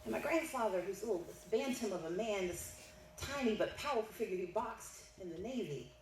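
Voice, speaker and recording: A woman's voice: mid-range voice, expressive, fairly quick. A middle-aged woman giving a keynote speech at a banquet, telling a family story and building to emphatic declarations. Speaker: keynote speaker. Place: banquet hall. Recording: echoey hall, mic heard from a distance, faint noise.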